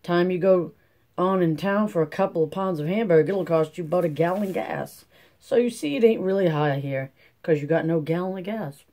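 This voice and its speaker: A small, sly store clerk as a man reads him aloud talks in a glib, giggly drawl. His voice is mellow with a quick, slippery edge. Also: sits high.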